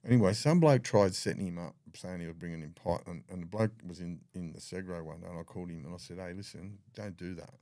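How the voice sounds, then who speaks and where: Gravelly, deep Australian man. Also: fast talker, hardly any pauses, mellow, no room sound, studio quality. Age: older. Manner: blunt, swears freely, acts out dialogue. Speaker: podcast guest. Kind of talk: candid storytelling.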